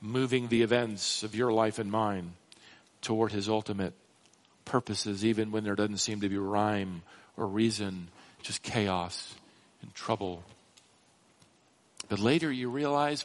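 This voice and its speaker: A man preaching a sermon, slow and emphatic, with dramatic rises in pitch on key words. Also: steady tone. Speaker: pastor.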